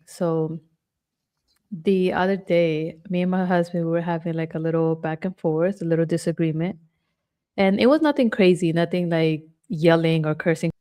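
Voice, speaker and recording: A woman's voice: fairly low pitch, a little mellow, clear, resonant tone. A woman in her thirties co-hosting a podcast, chatting candidly about her family. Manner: chatty, candid, many fillers. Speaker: podcast co-host. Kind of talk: casual chat.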